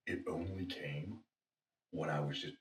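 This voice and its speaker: Middle-aged male guest with a very low voice, animated storyteller who acts out quotes. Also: measured pace. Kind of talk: casual storytelling.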